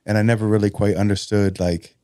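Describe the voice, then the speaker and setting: A man hosting a podcast who responds to his guest in a relaxed, affirming, reflective way. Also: on the low side, fairly quick, no echo, studio quality. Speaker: podcast host. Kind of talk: casual chat.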